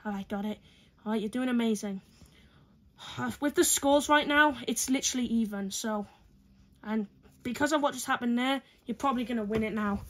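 A woman voicing a corner coach who gives a fighter quick, urgent instructions between rounds. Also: on the high side, fairly bright tone, pitched below the performer's own voice, lightly acted. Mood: urging. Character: corner coach giving a fighter pep talk.

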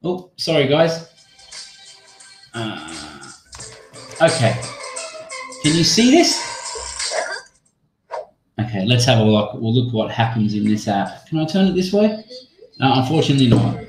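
A man's voice: medium pitch, sing-song, measured pace, long pauses, over music. A man presenting a live teacher-training webinar, chatty and apologetic, thinking aloud as he demos an app on a video call. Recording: echoey room sound.

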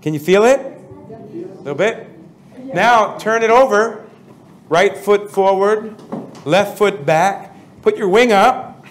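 A man leading a prayer seminar as pastor, energetic and constantly asking the audience questions, with an American accent. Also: high-pitched, slow pace, slight background noise. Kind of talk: interactive seminar teaching.

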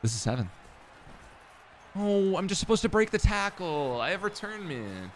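A man's voice: high voice, big pitch swings, moderate pace, slight background noise. A young man casually commenting on his own football video game play, talking to himself, swearing and mocking his own mistakes. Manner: swearing, self-deprecating, talks to himself while playing. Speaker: gaming streamer.

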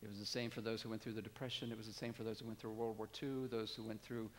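A pastor in his sixties preaching a sermon, animated, climbing to emphatic peaks and dropping low. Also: quick pace, a little hiss or hum. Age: 60s. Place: church sanctuary. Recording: long church reverb.

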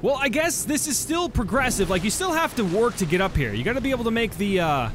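A young man commenting on a game he is playing, his voice sitting a bit high and swinging widely as he reacts. He gets loud and swears when something surprises him, then settles back into chatter. Faint game noise runs under his talk. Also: fast. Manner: excitable, bursts into shouts of surprise, swears freely. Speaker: let's play host. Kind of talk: gameplay commentary.

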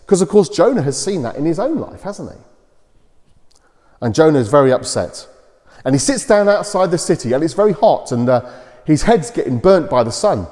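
A man preaches a children's talk, his fairly high voice rising and falling in lively swings as he retells a Bible story. His tone stays soft and mellow, explaining things in plain terms. The sound carries a long reverb from the church. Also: a little fast. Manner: animated storytelling with simple explanations.

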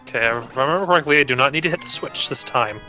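Bright-voiced streamer man, laughing and bantering. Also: medium pitch, racing, soft background music, rough recording. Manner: laughs often, swears, talks to himself about the game. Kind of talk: casual chat while playing a game.

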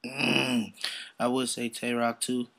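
A man's voice: medium pitch, flat delivery, takes it slowly, creaky, a bit bright. A man hosting his own podcast, ranting in a blunt, profane, heated way and mocking others in exaggerated voices. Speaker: podcast host. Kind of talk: casual solo podcast rant.

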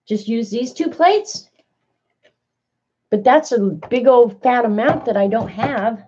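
A woman's voice: fairly high pitch, slow pace, dark tone, husky, muffled recording. Flustered woman talking through a craft project. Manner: chatty, flustered, thinking aloud. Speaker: crafter demonstrating a die-cutting machine. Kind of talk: casual craft demonstration to viewers.

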